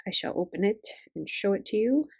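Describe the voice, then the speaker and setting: An older woman chatting quietly and fondly as she unboxes stickers and tape, keeping her voice down. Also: mid-range voice, lively intonation, a little fast, vocal fry, breathy edge. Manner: hushed, gushing, fond. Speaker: vlogger. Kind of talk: casual unboxing chat.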